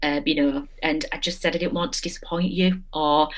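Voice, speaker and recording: A young adult woman, a guest telling a personal story in casual chat, animated and emotional. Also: low voice, a little fast.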